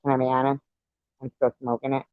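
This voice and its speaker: A man's voice: mid-range voice, flat delivery, fast talker, no room sound, narrow, tinny audio. A man chatting with viewers on a live stream, giggly and meandering, often trailing off. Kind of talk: casual rambling chat.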